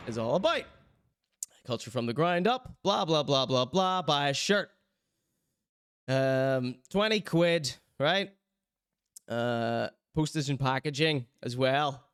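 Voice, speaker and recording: Male host, mid pitch, smooth voice, self-mocking asides. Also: fairly bright tone, dry recording, clean studio sound. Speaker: show host. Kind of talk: casual merch plug on his own online show.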